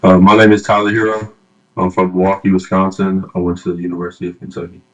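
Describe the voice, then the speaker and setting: A man's voice: sits low, monotone, quick pace, a bit bright, muffled recording. A man being interviewed as an athlete, answering plainly and a little reservedly.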